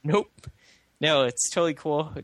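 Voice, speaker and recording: There's no echo as this young man, a podcast co-host, chats casually about video games in a higher voice at a slightly slow pace. He wanders, restarting sentences and using lots of fillers.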